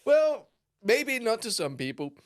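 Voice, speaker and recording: A man's voice: extremely high pitch, big pitch swings, a little slow. A young man co-hosting a podcast in casual chat, putting on a kooky American accent. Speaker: podcast co-host.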